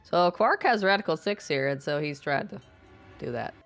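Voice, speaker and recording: A woman's voice: low-pitched, lively intonation, moderate pace, soft background music. A woman streaming a game, chatting casually and explaining the story in a rambling way. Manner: chatty, rambling, jumps into loud reading of lines. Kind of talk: casual gameplay commentary and reading dialogue aloud.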